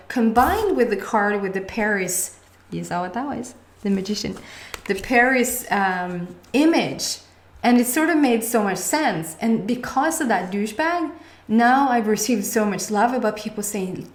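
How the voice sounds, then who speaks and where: A woman's voice: mid-range voice, unhurried. A woman tarot card reader talking casually to her viewers in a rambling, chatty way, full of restarts and asides. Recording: echoey room with noticeable background noise.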